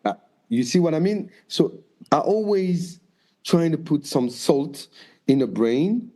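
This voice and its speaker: Mellow-voiced man telling lively stories. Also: a little high, slow. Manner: lively storyteller, acts out quoted voices, swears freely. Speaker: guest dancer and choreographer. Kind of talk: storytelling interview.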